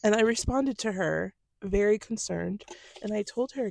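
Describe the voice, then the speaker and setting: Gravelly-voiced middle-aged woman co-host. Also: medium pitch, moderate pace, a little mellow. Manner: laughs easily, agreeable, tells work anecdotes. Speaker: podcast co-host. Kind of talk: casual chat.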